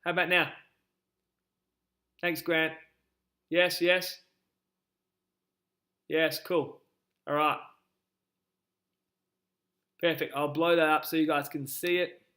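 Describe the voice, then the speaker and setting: A man coaching a group on a live call, energetic and repetitive, often calling his listeners guys. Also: fairly high pitch, slow, pauses often, roomy sound, rough recording. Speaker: business coach.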